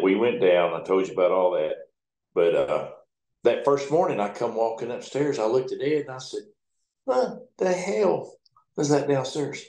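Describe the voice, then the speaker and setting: A middle-aged man with a low, deep voice, telling rambling, salty stories as a towboat captain. His speech is folksy and loose, with a roomy echo around it. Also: darkish tone. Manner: folksy, rambling, profane storytelling. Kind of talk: oral history interview storytelling.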